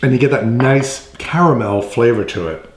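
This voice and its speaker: A man co-hosting a casual beer-tasting podcast, joking and chiming in with quick agreement. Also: medium pitch. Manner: brief agreeing interjections, joking. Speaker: podcast co-host. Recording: echoey room with faint noise.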